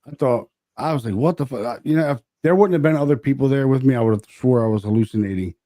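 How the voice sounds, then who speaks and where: Profane, animated male podcast storyteller. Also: mid-range voice, fast, no room sound. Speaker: podcast co-host. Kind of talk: casual chat.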